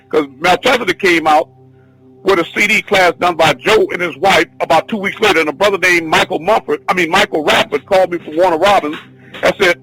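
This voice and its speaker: A man teaching a spiritual class, telling a long personal story in an excited, rambling, repetitive way. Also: sits high, husky, poor audio. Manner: excitable, repetitive, restarts often. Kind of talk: rambling spoken testimony.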